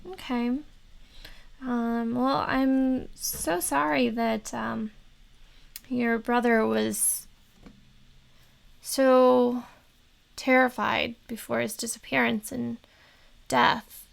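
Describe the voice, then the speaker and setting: A woman player in a tabletop game talks politely and hesitantly, with lots of ums. Her voice is fairly high, with a strong gravelly fry. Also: fairly even intonation, extremely slow, pauses often.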